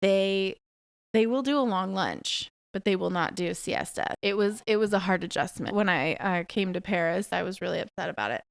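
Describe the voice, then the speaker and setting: Woman, 30s, solo podcast host, blunt and profane, crisp resonant voice, dead dry room. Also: mid-range voice, moderate pace, no echo. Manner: frank, blunt, swears freely. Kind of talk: casual monologue podcast.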